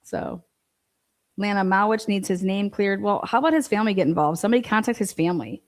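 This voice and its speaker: Fast and mid-range in pitch, this livestream host's voice carries a blunt, profane, fired-up manner. She works through viewer comments on her casual stream, cursing frequently as she talks.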